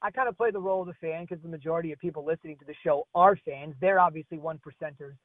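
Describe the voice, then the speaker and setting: A man from New Jersey, a sports broadcaster calling in as a guest on a radio interview, talking with energy in quick rapid-fire lists. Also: a little high, dry recording. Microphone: phone line. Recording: tinny phone line.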